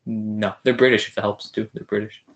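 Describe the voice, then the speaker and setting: A man's voice: fairly low pitch, level tone, fairly quick, lo-fi sound, slight background noise. A young man hosting a casual podcast interview, eager and a little starstruck. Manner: eager, starstruck, soft-spoken asides. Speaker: podcast host.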